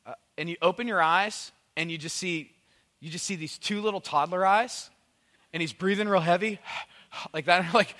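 A man in his thirties telling rambling, animated comic stories to an audience, full of "like" and "you know". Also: high voice, normal speed, long reverb tail. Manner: rambling, animated, heavy on "like" and "you know", bursts of loud excitement. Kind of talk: conversational storytelling, comic monologue.

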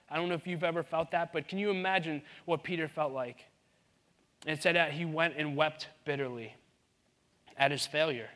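A man's voice: fairly high pitch, pushed and bright. A man preaching a sermon in an earnest, conversational way, often restarting his sentences. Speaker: pastor.

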